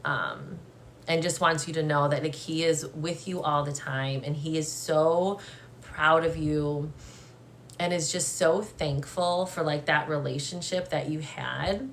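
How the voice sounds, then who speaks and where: A young adult woman giving a live-streamed psychic reading, gentle and emotional, hesitant with many fillers and restarts. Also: sits low, unhurried, a little hiss or hum. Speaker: medium.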